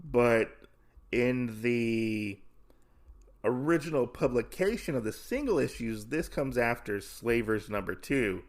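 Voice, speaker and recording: Guy rambling thru a comic recap, jokes around, keeps correcting himself, normal pitch. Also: lively intonation, takes it slowly. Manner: rambling, self-correcting, jokey. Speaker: comic podcast host. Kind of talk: casual recap and commentary.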